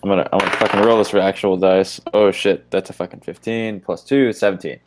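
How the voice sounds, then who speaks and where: A man playing a tabletop game who swears freely and reacts in a lively way to his dice rolls. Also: low-pitched, quick pace. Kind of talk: casual chat at a tabletop game.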